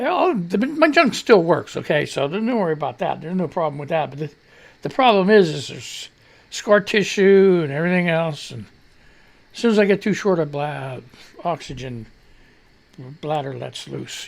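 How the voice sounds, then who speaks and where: A man's voice: high voice, gravelly. A man hosting a live radio show, telling a rambling story in casual chat with fillers and mild cursing.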